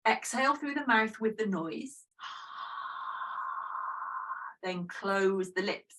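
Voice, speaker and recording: A woman guiding a yoga breathing practice in a gentle, chatty, self-deprecating way. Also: medium pitch, lively intonation, a little slow, far from the mic, heavy background noise. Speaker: yoga teacher. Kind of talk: guided breathing instruction.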